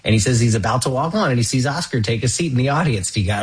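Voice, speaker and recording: A man interviewing a guest, a pianist himself, sharing an anecdote in a relaxed conversational way and laughing often. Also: medium pitch, rapid-fire, slightly rough, low-quality recording. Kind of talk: conversational storytelling.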